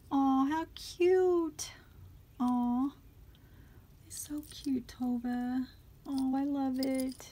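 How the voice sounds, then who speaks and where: A woman, chatting through an unboxing of craft gifts at home, gushing and often murmuring asides softly. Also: high voice, slight background noise. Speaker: craft vlogger.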